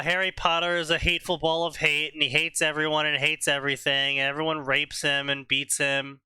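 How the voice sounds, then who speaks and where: A man co-hosting a stream, reading fan fiction aloud and mocking it in animated, casual talk, laughing often. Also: a little high, normal speed, hardly any pauses, smooth, no echo. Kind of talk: casual comedic commentary.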